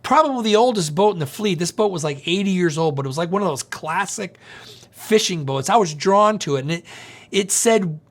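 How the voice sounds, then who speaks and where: A male pastor preaching through a story in an animated, conversational way, often asking the audience questions. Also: high voice, fairly quick. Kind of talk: storytelling sermon.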